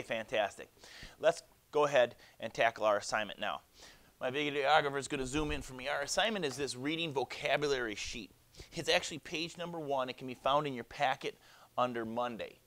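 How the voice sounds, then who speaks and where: A man's voice: medium pitch, fairly bright tone. A male teacher reading a storybook aloud to his class and then guiding them through a worksheet, with chatty asides along the way. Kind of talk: classroom read-aloud and lesson.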